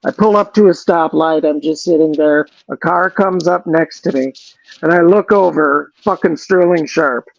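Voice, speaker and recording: A man in a casual sports chat, telling a short story in a relaxed, low-key way. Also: normal speed, gravelly, no echo, muffled recording.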